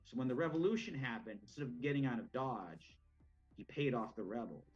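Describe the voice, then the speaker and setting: A man voicing a scheming older mob boss in a tabletop role-play, speaking in a measured, confiding way. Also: medium pitch, lively intonation, breathy edge, lo-fi sound, soft background music.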